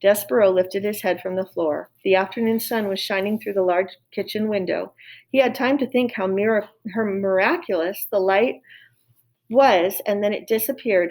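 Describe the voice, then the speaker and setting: A woman reading a children's novel aloud in calm, steady storytelling. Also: medium pitch, moderate pace. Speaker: reader.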